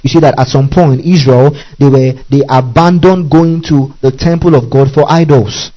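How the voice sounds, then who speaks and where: Captured in dull lo-fi audio, a pastor gives a sermon with deliberate, unhurried scripture reading, pausing often to engage the congregation. He has a mellow, mid-range voice.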